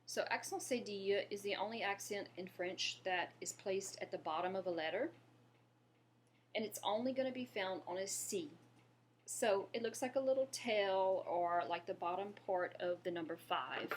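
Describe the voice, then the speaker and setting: Lady teaching french online, slow and patient, says words and waits for you to repeat, bit of background noise. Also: mid-range voice. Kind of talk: online language lesson.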